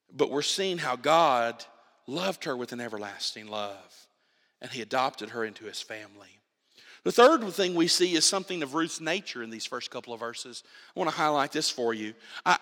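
A man preaching a sermon as pastor, emphatic and repeating himself as he builds his points. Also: a little high. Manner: animated, emphatic preaching with repetitions and restarts. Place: church sanctuary. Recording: reverberant church hall.

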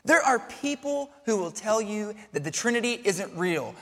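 A man preaching a sermon with a high, light voice that carries through a church with long reverb. He is expressive, sinking to quiet, reflective passages and then lifting into exclaiming ones. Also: normal speed, hardly any pauses. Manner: expressive, swinging between hushed and exclaiming. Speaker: pastor. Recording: long reverb of a large hall.

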